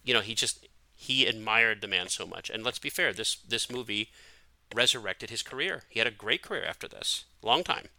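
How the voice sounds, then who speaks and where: A man's voice: on the low side, normal speed, creaky, sharp tone, no echo. A man hosting a podcast, chatting animatedly about an old film with lots of fillers. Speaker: podcast host. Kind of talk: casual film chat.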